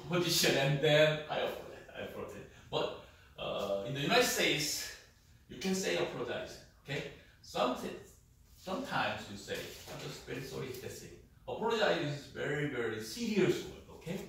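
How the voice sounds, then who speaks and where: A man whose first language is Korean, lecturing a class on English usage in a halting way, repeating words and often checking with "okay?". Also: on the high side, fairly bright tone. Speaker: university lecturer. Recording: echoey room, mic far off, faint noise.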